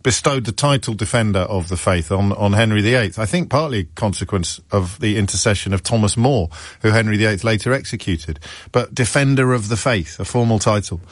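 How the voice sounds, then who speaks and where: Man, low voice, talk radio commentary, emphatic and repetitive, slightly hesitant, dry close sound. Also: brisk, no echo.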